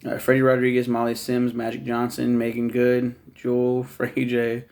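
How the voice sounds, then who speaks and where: A man's voice: medium pitch, completely flat delivery, moderate pace, gravelly, a little mellow. A man casually reviewing a TV show in a rambling, profane monologue, laughing at his own jokes.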